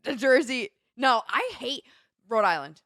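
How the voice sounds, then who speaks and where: A woman co-hosts a morning radio show in a teasing, lively way, reading listener texts aloud between jokes. Her voice is bright and forward, recorded close and dry in a studio with no room echo. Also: a little high, unhurried. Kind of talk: casual morning-show banter.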